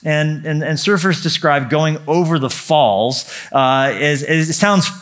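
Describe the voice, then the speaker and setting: A man preaching as a pastor, reading scripture and praying, then telling stories in a chatty, animated, self-deprecating way with many restarts. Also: on the high side, unhurried. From United States. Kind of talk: sermon with scripture reading and prayer.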